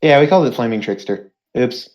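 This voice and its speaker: A woman's voice: very deep voice, expressive, a little mellow. A woman reading a fan roleplay aloud, casual and laughing, drawing her lines out. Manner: casual, laughing, drawn-out delivery.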